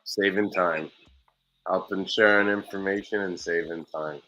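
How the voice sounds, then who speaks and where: A man's voice: low voice, steady tone, unhurried, sharp tone, muffled recording, faint music behind. A man hosting a casual chat show who tells a heated, profane story. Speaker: podcast host.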